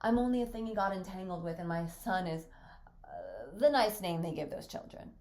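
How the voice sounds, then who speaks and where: A woman's voice: fairly low pitch, sing-song, moderate pace, a little mellow. A woman reading aloud the part of a proud, wounded young wife who speaks bitterly and defiantly. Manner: bitter and defiant, rising to anger. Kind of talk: reading a stage play aloud.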